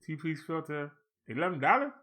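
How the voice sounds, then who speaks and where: A man's voice: on the high side, big pitch swings, normal speed, sharp tone. A man hosting a casual live chat, browsing online and grumbling at the screen while he talks to viewers. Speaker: channel host.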